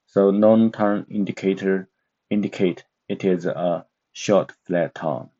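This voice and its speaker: A man with a very low voice teaches a language lesson at an unhurried pace. He explains step by step and pauses often to search for words. The recording sounds dull and muffled. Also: fairly even intonation, warm tone. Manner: slow, careful, with many fillers and pauses. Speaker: Mandarin teacher.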